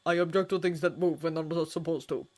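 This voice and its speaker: A woman's voice: low-pitched, steady tone, fast talker, darkish tone, close to an everyday voice. A woman voicing a harried middle-aged male police inspector who growls and snaps. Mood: gruff. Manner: gruff, snappish.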